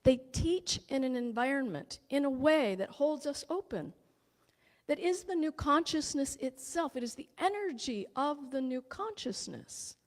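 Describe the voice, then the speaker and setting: Woman, spiritual teacher, enthusiastic, joyful, slightly high voice, long ringing reverb. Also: expressive, a little slow. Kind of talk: inspirational spiritual talk.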